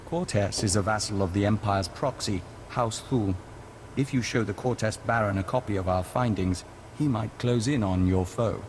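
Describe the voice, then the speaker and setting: An actor playing a calm, formal male diplomat bonded to an insect hive, who speaks of himself as "we", in video game dialogue. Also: on the low side, moderate pace, natural voice. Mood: measured. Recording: game audio with background noise.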